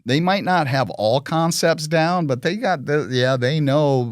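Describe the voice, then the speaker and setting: In dry, studio-quality audio, a middle-aged male host tells stories on his podcast, blunt and profane, performing the voices of parents and kids with animation. His voice is fairly high-pitched and his pace measured.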